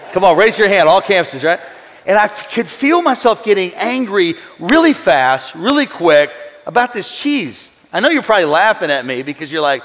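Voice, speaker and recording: A man preaching a sermon to a live congregation, telling a story in an animated, joking way. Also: sits high. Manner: storytelling, animated, jokey with the crowd. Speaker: pastor. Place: church auditorium. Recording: large hall with long reverb.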